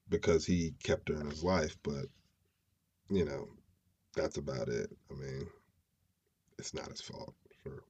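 A man's voice: a bass voice, darkish tone, breathy edge, dull audio. A man hosting a podcast, retelling a story casually with profane slang. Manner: profane, slangy, chuckling asides. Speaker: podcast host. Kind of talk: casual true-crime storytelling.

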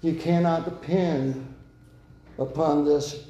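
A man preaching a sermon as pastor, earnestly urging and then dropping to quiet pleading. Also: fairly high pitch, fairly even intonation, takes it slowly, highs cut off. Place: church sanctuary. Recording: echoey church room.

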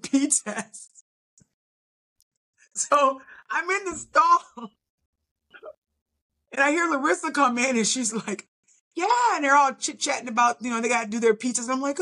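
A podcast guest, this middle-aged woman is a bodybuilder who tells her tale casually and energetically, dramatizing how she responded. Her pitch is fairly high.

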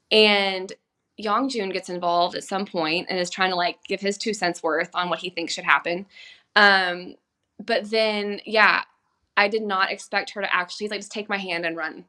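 A woman co-hosting a podcast in casual chat, animated and acting out quoted lines. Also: medium pitch. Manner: animated, acts out quoted dialogue. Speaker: podcast co-host.

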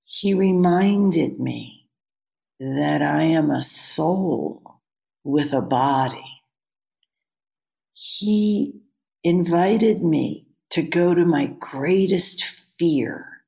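A woman's voice: deep voice, animated, drawn-out words, gravelly, long pauses, darkish tone. A woman, a yoga teacher, telling a candid personal story as an interview guest. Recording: roomy echo.

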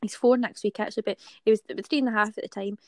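A woman's voice: mid-range voice, steady tone, racing, darkish tone, no echo. Young scottish woman rambling in a casual chat, lots of likes and ums, dry close sound. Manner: chatty, many fillers.

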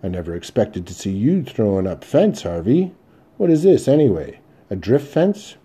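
Male reader doing a guarded Western marshal, earnest, low and dark-toned. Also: sing-song, normal speed, breathy edge. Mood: probing. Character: town marshal, grown man, guarded and earnest.

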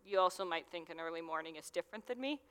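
A young woman gives a relaxed, chatty sermon, talking to a youth group like friends. Her voice sits on the low side, and a long hall reverb trails after her words. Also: quick pace, clean tone. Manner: chatty, conversational, with many fillers. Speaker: youth minister. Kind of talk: casual sermon.

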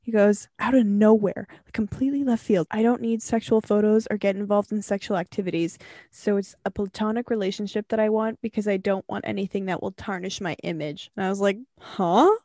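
A woman's voice: mid-range voice, steady tone, a little fast, no echo, studio quality. Young woman chatting, swears a lot. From Canada. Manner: swears a lot, laughs loudly. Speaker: podcast co-host. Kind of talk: casual chat.

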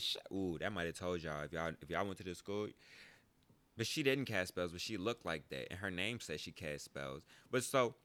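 A man in his twenties hosting a podcast, telling a story in a casual, profane, animated way and jumping into high mocking voices. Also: moderate pace, dry recording. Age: 20s. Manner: animated, profane, jumps into high mock voices when quoting. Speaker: podcast host. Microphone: close podcast mic.

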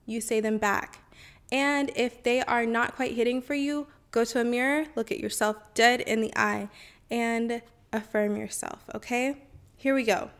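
Woman host, fairly high pitch, casual encouraging podcast talk. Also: steady tone, unhurried. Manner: chatty, encouraging, says y'all and okay often.

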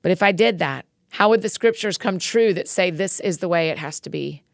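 A calm, steady Jesus in a spoken scripture reading, read by a woman in her own low voice. He speaks plainly and firmly, as a direct rebuke. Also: a little fast, vocal fry, dry recording, clean studio sound. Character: Jesus, calm grown man, firm and direct.

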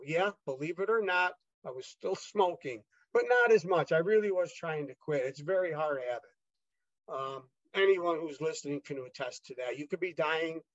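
A man guest with a fairly high voice tells his story in a casual, rambling way, stumbling over restarts and acting out what others said. The recording sounds dull and lo-fi, close and without room echo. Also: normal speed. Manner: rambling, many fillers and restarts, re-enacts dialogue.

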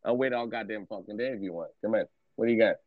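A man's voice: fairly low pitch, fast talker, no echo. Brief: male host, aggressive profane taunter, lo-fi dull chat audio, dry sound. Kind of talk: voice chat insult exchange.

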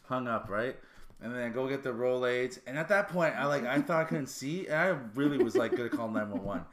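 A middle-aged man co-hosting a podcast, telling crude joking stories in casual chat, his voice jumping high when he gets excited. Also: brisk. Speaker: podcast co-host.

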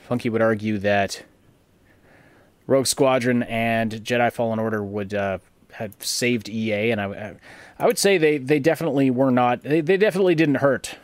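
A man's voice: mid-range voice, no echo. A man hosting a gaming podcast, chatting casually and rambling through fillers and restarts. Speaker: podcast host.

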